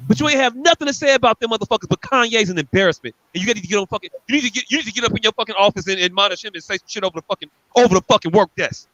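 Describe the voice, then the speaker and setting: High bright-voiced guy, cussing and ranting hard on a podcast, dry dull lo-fi sound. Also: rapid-fire, hardly any pauses, no room sound. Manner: angry, profane, repetitive ranting. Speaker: podcast co-host. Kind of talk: heated podcast rant.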